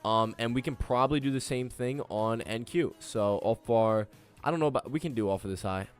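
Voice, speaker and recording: A man's voice: mid-range voice, a little fast, clean tone. Young man, casual streamer, chatty and joking, faint music under the voice. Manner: chatty, joking, talks straight to viewers. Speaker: livestreaming day trader. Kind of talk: casual live stream chat.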